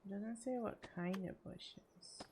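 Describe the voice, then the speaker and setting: A sleepy woman streamer with a raspy voice, chatting casually to her chat and to herself as she plays. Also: mid-range voice, slow pace, darkish tone, slight background noise. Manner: chatty, talks to chat and herself, laughs often.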